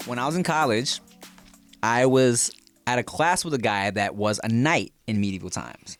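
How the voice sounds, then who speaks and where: A man's voice: medium pitch, normal speed, fairly bright tone, faint music behind. A man co-hosting a podcast, telling rambling stories in a laid-back way and reading ads. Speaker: podcast co-host. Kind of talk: casual podcast chat and ad reads.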